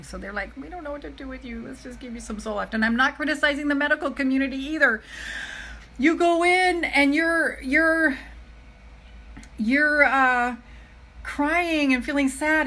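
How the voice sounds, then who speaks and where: A middle-aged woman with a slightly high, sharp-toned voice gives a live motivational talk as a self-love coach, captured on a low-quality recording. Her delivery is earnest and chatty; she keeps talking directly to her viewers and repeats her main phrases for emphasis.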